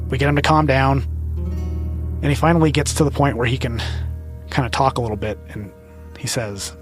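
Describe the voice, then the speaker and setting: A man telling his own true story for a podcast, earnest and halting, with small restarts. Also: mid-range voice, fairly even intonation. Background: music underneath.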